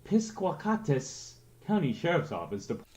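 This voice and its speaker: A man's voice: fairly high pitch, wildly swooping pitch, normal speed, darkish tone. A man chatting casually on a late-night livestream, rambling and reading aloud to his viewers. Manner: rambling, reads aloud with laughs.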